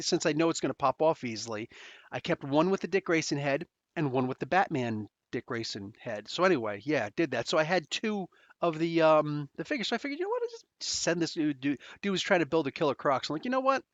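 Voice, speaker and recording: A podcast host with a New Jersey accent, rambling through an anecdote full of slang and restarts. His pitch bounces around a lot, sitting a bit high for a man. The sound is dry and somewhat dull, like a lo-fi home setup. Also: dry recording. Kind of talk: casual storytelling.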